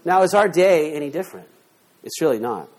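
A man in middle age delivers a sermon with a slightly higher-pitched voice. He is emphatic, pushing rhetorical questions at the congregation and swinging between loud punches and quiet asides. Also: brisk, husky. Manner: emphatic, rhetorical questions, lively shifts in loudness. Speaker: pastor.

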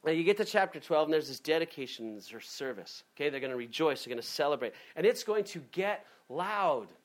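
A man preaching a sermon in a lively, conversational way, often breaking off and restarting his sentences. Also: a little high, a little fast. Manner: animated, conversational, self-interrupting. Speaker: pastor.

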